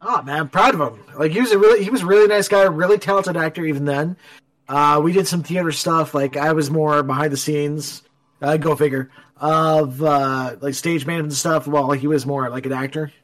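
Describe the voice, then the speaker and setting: A man's voice: fairly high pitch, steady tone, brisk, fairly bright tone. A man from Canada co-hosting a casual movie commentary. He is enthusiastic, restarts his sentences and leans on "like". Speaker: podcast co-host.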